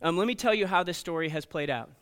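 A man preaching to teenagers as a youth pastor, telling stories in an animated way and checking in often with "okay?" and "right?". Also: a little high, quick pace, clean tone. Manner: storytelling, animated, frequent "okay?" and "right?" asides. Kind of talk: sermon to teenagers.

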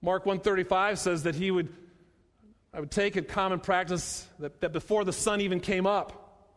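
High-voiced preacher in a reverberant hall. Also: male voice, fairly even intonation. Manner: emphatic, repeats phrases, slows to stress words. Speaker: pastor. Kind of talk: sermon.

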